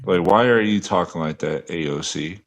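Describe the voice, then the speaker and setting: A man chatting as a guest on a livestream panel, animated, repeating words as he searches for them. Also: sits low, normal speed, slight background noise. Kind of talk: casual panel chat.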